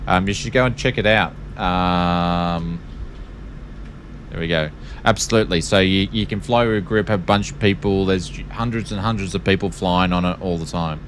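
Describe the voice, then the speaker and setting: A man's voice: low voice, moderate pace, a bit bright, slight background noise. An Australian man hosting a flight sim stream, chatting casually with lots of ums and frequent laughs. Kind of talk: casual live-stream chat.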